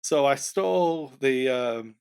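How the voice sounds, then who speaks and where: Man, podcast co-host, casual gaming chat, mid pitch, chatty, self-mocking. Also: animated, takes it slowly, vocal fry, clear, resonant tone. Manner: chatty, self-mocking, many fillers and false starts. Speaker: podcast co-host, game master. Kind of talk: casual chat about running tabletop games.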